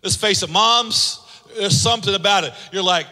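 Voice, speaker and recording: A man's voice: high voice, normal speed, pushed and bright. A man preaching a sermon with impassioned, sung-out lines, acting out voices in his stories. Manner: acts out voices in anecdotes. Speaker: pastor. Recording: long hall reverb.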